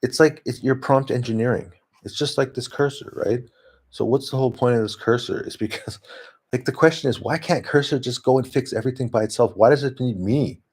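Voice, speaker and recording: A man's voice: medium pitch, a little fast, darkish tone, breathy edge. A man talking in a rambling, casual monologue, often laughing and restarting his sentences. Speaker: vlogger. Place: home, talking to his dog.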